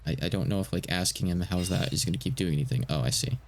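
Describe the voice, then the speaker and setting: A man's voice: low voice, quick pace, a little hiss or hum. A man streaming a game he translates live, talking to himself in hesitant, stammering asides.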